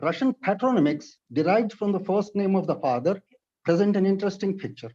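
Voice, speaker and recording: A man with a high, mellow voice delivers a measured, precise lecture on pronunciation. He is from India and explains each point carefully. The recording is dull and lo-fi. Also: animated. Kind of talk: read-aloud lecture.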